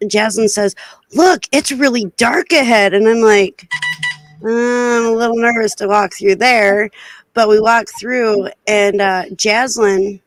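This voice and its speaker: Woman, casual live-chat storyteller, filler-heavy, even middle pitch, dry room. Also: no room sound. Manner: rambling with many fillers and restarts. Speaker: co-host of a reselling live show.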